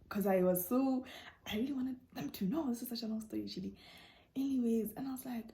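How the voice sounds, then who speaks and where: A young woman vlogger telling stories and answering viewer questions in a casual chat, acting out dialogue with sudden jumps in voice. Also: mid-range voice. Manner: animated, acts out dialogue with quick voice jumps.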